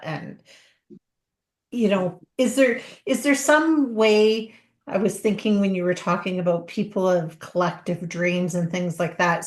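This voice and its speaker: A woman hosting a podcast, agreeing with her guest and asking a question while searching for her words. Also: on the low side. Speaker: podcast host. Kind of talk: interview questions. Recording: roomy echo.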